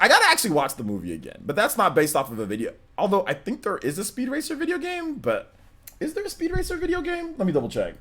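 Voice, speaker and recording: Excitable young man hosting a stream. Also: high-pitched. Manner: rambling and excitable, laughs often, reads chat questions aloud. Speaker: gaming livestream host. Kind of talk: casual livestream chat.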